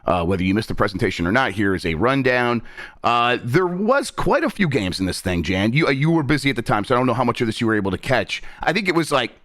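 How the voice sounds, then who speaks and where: A man's voice: mid-range voice, big pitch swings, quick pace, a bit bright, no echo, studio quality. A man hosting a gaming podcast, chatting casually with many restarts, then reading a scripted intro. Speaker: podcast host.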